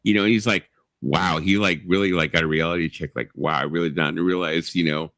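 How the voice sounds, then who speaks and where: A man hosts a casual livestream from home, rambling and dropping "like" and "you know" into every thought. His voice is very deep and gravelly. The sound is dry and close. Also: steady tone, fast talker, a bit bright, no room sound. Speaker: livestream host. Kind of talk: casual chat. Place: home music stream.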